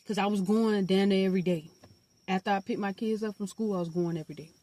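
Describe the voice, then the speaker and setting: A young adult woman telling a personal storytime to her viewers, animated and blunt, with profanity and slangy asides. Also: medium pitch, quick pace. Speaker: storytime vlogger. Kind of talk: casual storytelling.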